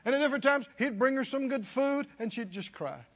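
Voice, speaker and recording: A man's voice: very high voice, expressive, brisk, a bit bright, in a large hall. A man preaching a sermon, folksy and chuckling, calling out to his listeners to respond. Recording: dull lo-fi recording.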